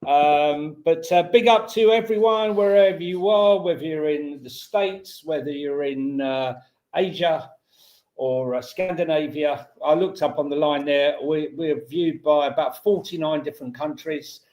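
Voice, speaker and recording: A man co-hosts a casual football chat in a laid-back, easygoing way. His voice sits a bit high, and the recording carries a noticeable roomy echo. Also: measured pace, a little mellow. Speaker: podcast co-host. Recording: roomy echoey sound.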